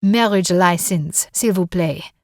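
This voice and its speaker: A woman voicing an older male French judge with a French accent, matter-of-fact and booming, in an audiobook. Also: slow, no room sound, clean studio sound. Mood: measured.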